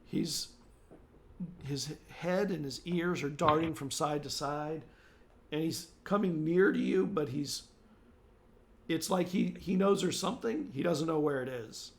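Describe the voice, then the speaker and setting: A man narrates a tabletop game as game master, starting and restarting his sentences. His voice is gravelly and sits a little on the high side. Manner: halting, with frequent restarts.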